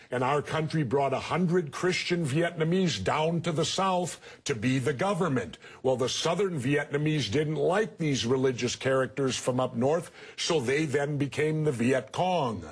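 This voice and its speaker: A husky man in his sixties speaks as a television interview guest. He argues bluntly and with emphasis, and he pushes back hard on his interviewer. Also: on the high side. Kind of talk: TV news interview.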